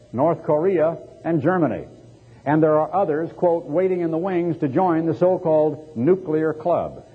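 Fired up preacher guy, raspy voice, sounds like an old phone-line tape. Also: medium pitch. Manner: impassioned, emphatic preaching. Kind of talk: sermon. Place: hall before a live audience. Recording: tinny lo-fi recording with long hall reverb.

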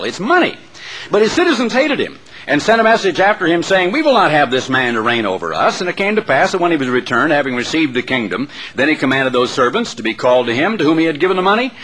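A man preaching a sermon in an animated storytelling way. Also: sits high, quick pace, poor audio.

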